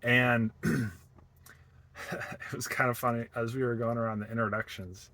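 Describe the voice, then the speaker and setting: A young man from Boston in a casual, reflective vlog, talking haltingly with many fillers and restarts. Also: medium pitch, fairly even intonation, sharp tone. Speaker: vlogger.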